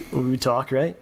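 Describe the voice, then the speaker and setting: A man in a played clip, talking in a halting, reflective way, full of fillers. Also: mid-range voice, vocal fry, background noise. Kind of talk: reflective talk.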